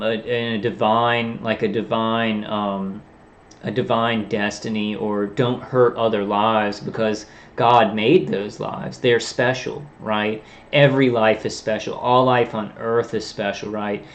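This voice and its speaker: A man talking in a halting, rambling monologue, full of restarts and fillers. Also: medium pitch. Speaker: vlogger. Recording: dull lo-fi sound.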